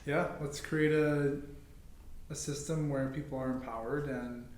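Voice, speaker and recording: A man hosting a podcast, asking questions and wrapping up in a relaxed, thoughtful way. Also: mid-range voice, unhurried, slight background noise. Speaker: podcast host. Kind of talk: casual podcast interview. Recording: echoey room with faint music.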